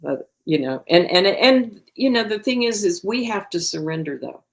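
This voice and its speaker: A woman's voice: mid-range voice, sing-song, moderate pace, vocal fry. A woman guest teacher in a casual faith discussion, earnest and emphatic as she explains.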